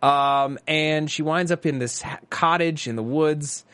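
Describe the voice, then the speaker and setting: A man's voice: a little high, measured pace, fairly bright tone, clear, resonant tone, dry recording. Man rambling in a dry, close recording. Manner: chatty, rambling with many fillers and restarts, breaks into jokey impressions. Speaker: podcast co-host. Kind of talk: casual chat recapping a TV episode.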